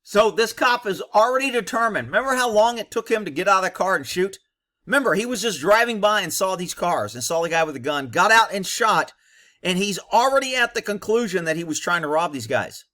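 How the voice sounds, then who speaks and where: A man's voice: high-pitched, lively intonation, a little fast, pushed and bright. A man who was a police officer, giving blunt, cynical commentary over bodycam footage.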